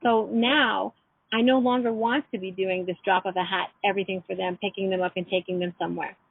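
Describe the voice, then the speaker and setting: A middle-aged woman leading an online class, telling personal stories in a gentle, reflective way. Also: medium pitch, steady tone, a little fast, creaky, a little hiss or hum. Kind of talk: teleclass lesson with personal stories. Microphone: phone or computer call. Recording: tinny phone line.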